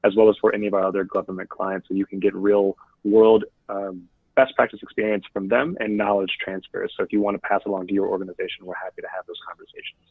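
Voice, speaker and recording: Lower-voiced guy with a stuffy nose calling into a webinar, tinny phone sound. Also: little pitch movement, quick pace, creaky, breathy edge, no echo. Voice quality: nasal. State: stuffy from allergies. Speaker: guest speaker from a contractor. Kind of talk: webinar talk over the phone. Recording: tinny phone line, dry.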